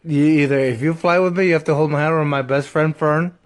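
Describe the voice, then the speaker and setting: A man in a casual chat, telling a story in an excitable way, with frequent restarts and laughs. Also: on the high side, fast. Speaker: podcast co-host.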